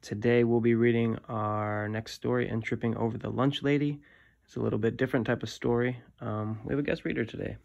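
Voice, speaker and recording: A man, a teacher, reading a comic book aloud to children in a friendly, lively way. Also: mid-range voice, brisk, vocal fry, dry recording, lo-fi sound.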